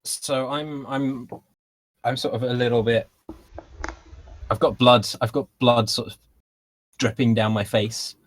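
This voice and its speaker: A man's voice: mid-range voice, fairly even intonation, unhurried, long pauses, slight background noise. A man playing a tabletop game, describing his character's actions casually with lots of "sort of". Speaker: player.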